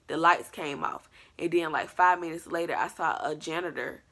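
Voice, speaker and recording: A woman vlogger telling a spooky story from school in a casual, animated way, acting out scenes as she goes. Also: sits low, moderate pace, creaky. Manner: animated, colloquial, acts out scenes. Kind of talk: storytime vlog.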